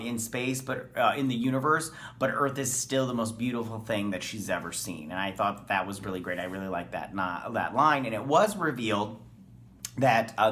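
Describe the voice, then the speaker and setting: A man's voice: fairly low pitch, a bit bright. A man hosting a casual TV episode review, talking in a rambling, enthusiastic way with many ums and uhs. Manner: rambling, filler-heavy, enthusiastic. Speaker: TV show reviewer.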